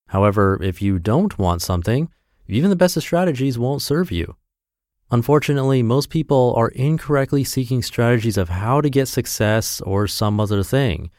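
A man's voice: mid-range voice, a little mellow, dry recording. A man narrating a podcast, reading a blog post aloud in an earnest, emphatic way on a close mic.

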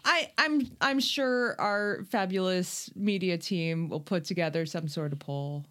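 A woman's voice: on the low side, a little slow, a bit bright. Playful chatty woman podcast co-host. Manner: playful, chatty, self-mocking. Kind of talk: casual chat.

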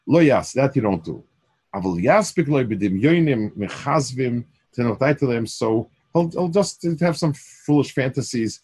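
A man's voice: mid-range voice, a little mellow, slightly rough. An older man teaching a Torah class, mixing Hebrew phrases into English with frequent restarts.

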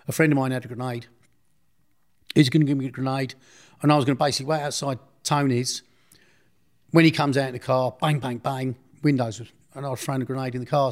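A middle-aged man tells his story in a loose, conversational way. He talks at a mid pitch, circles back to correct himself, and slips into quoting other people as he goes. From Essex, England. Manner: rambling, self-correcting, acts out others' speech. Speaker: interview guest. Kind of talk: casual storytelling in a podcast interview.

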